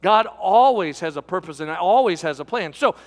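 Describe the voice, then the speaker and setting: A man's voice: sits high, animated, normal speed, in a large hall. A middle-aged man pastor preaching a sermon, telling a folksy personal story and calling his listeners friends.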